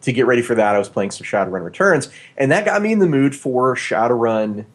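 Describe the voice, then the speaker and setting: A man in a mid-pitched voice co-hosts a relaxed podcast, talking loosely with plenty of filler words and restarts. He is close on a proper studio microphone in a small home studio. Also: fast talker. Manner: rambling, with many filler "uh"s and restarts. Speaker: podcast co-host. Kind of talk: casual chat. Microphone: new studio microphone.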